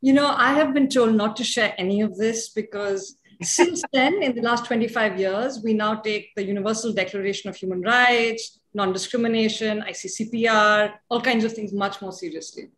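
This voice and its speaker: A woman in her forties, a lawyer and guest, telling stories in a casual, animated and self-mocking interview chat. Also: on the high side, normal speed. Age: 40s. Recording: echoey room, faint noise.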